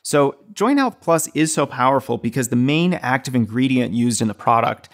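Gravelly-voiced man hosting a podcast. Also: mid-range voice, animated, moderate pace. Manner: enthusiastic, friendly, with filler words. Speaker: podcast host. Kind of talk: casual podcast interview.

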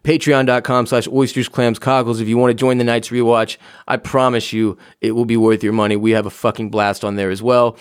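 A man's voice: mid-range voice, level tone, fairly quick, hardly any pauses, clear, resonant tone, no room sound, studio quality. A man hosting his own podcast alone, rambling casually and jokingly with plenty of swearing from his home office. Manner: rambling, profane, jokey. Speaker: podcast host. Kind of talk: casual solo podcast outro.

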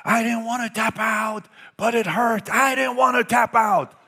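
A man voicing his crying young son, whining and shouting denials. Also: very high-pitched, moderate pace, pitched above the performer's own voice. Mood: whiny, upset. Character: crying young boy in a tantrum.

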